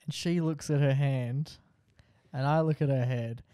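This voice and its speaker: A young man co-hosting a podcast, telling a story in casual chat, animated and laughing often as he acts out what people said. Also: medium pitch, a little slow, clear, resonant tone, no echo. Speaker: podcast co-host.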